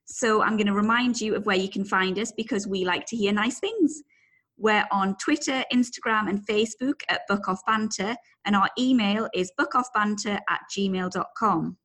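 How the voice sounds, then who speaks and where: A woman's voice: medium pitch, normal speed, fairly bright tone. A woman hosting a podcast, chatting in a friendly, upbeat way and laughing along with her co-host. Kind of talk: casual chat.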